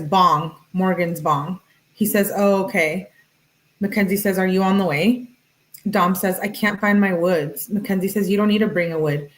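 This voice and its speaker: A woman hosting a true-crime channel, reading text messages aloud in a flat, casual way with "she says, he says" tags and chatty asides. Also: fairly low pitch, rough recording.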